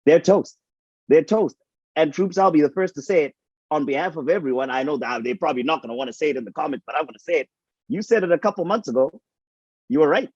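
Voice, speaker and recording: A man's voice: fairly high pitch, expressive, fast talker, darkish tone, slightly rough, dry recording, lo-fi sound. A man co-hosting a football show, chatting casually and repeating words as he thinks. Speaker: co-host.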